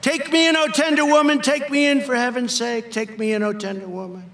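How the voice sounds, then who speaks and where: A man's voice: very high voice, steady tone, a little fast, a bit bright, roomy sound, voice pushed up. A man voicing a vicious, sly male snake in a recited poem, pleading in a sing-song way and then sneering.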